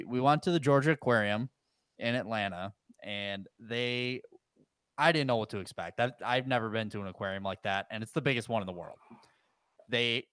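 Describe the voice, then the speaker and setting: A man with a smooth, low voice, recorded close and dry. He co-hosts a casual podcast and tells rambling, joking stories. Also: no room sound. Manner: chatty storyteller, relaxed and joking. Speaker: podcast co-host. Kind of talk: casual chat.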